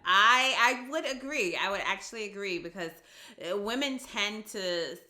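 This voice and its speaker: A woman hosting a podcast, chatting and telling stories in a lively way, laughing easily. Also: mid-range voice, normal speed. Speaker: podcast host. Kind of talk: interview conversation.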